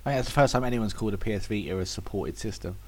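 A man's voice: on the low side, very fast. A man co-hosting a casual gaming podcast, tossing in wry, mocking quips. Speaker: podcast co-host.

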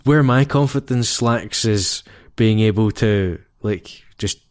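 A man, co-hosting a podcast in casual chat, laid-back and quick to laugh along. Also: on the low side. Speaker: podcast co-host.

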